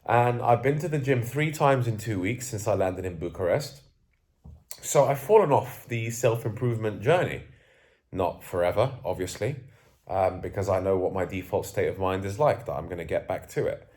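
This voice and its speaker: A man's voice: on the low side, expressive, normal speed, darkish tone. A young man in a candid vlog who is groggy, sneezing and coughing, rambling and swearing as he runs himself down. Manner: rambling, self-deprecating, swears freely. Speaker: self-improvement coach. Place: indoors, sitting at home. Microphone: camera facing him.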